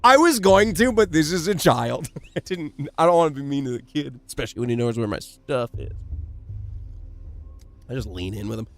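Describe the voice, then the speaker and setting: A man streaming a video game, chatting casually with animated, self-deprecating remarks. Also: mid-range voice, moderate pace, vocal fry, dry recording, soft background music. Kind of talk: gameplay commentary.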